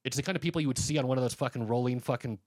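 A man's voice: mid-range voice, very fast, a little mellow, dry recording. A man from the US East Coast telling rambling, profanity-laced stories in casual podcast chat, full of fillers. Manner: rambling anecdotes, heavy swearing, many fillers.

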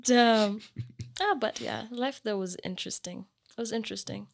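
A woman's voice: fairly high pitch, normal speed, creaky. A young woman from Kenya, co-hosting a casual podcast chat, laughing often and mimicking people's reactions as she tells stories.

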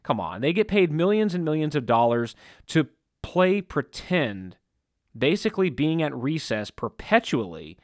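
A man's voice: fairly high pitch, measured pace, dry recording, studio quality. A man preaching an informal sermon, talking conversationally, acting out little scenes and repeating himself as he goes. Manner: conversational, animated, acts out quotes, frequent restarts.

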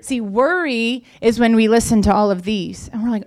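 Lady pastor preaching, chatty, says things twice for emphasis, kinda high voice. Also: moderate pace, hardly any pauses, darkish tone. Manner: conversational, emphatic repetition. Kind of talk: sermon.

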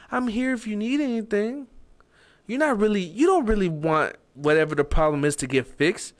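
A man lecturing in a casual motivational monologue, his voice sitting a little high for a man. He talks bluntly, swears freely and pushes his pitch sharply upward to hammer points home. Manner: blunt and preachy, swearing, with sudden loud emphatic rises.

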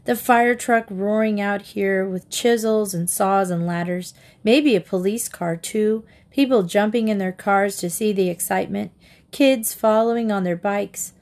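A woman reads a children's chapter book aloud. Her voice sits at a middle pitch. She keeps a steady, gentle pace through the narration. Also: a little slow. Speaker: storybook reader.

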